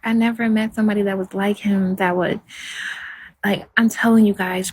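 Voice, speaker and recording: A woman talks to her viewers on a casual livestream with a husky, slightly breathy voice. She rambles in a soft-spoken way and stops to answer their comments. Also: medium pitch, fairly even intonation, moderate pace.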